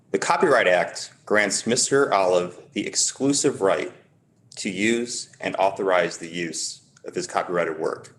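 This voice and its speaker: A man arguing for the petitioner before a high court, measured and emphatic, stressing key words as he builds his case. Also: a bit bright. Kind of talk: formal appellate oral argument.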